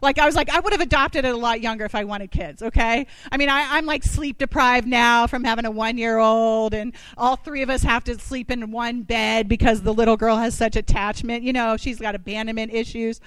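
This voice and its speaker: Woman telling her church testimony, chatty and animated, smooth clear voice, dry sound. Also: fairly high pitch, brisk, hardly any pauses, no room sound, rough recording. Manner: animated storyteller with rhetorical questions and asides. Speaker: church community speaker. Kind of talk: personal testimony talk.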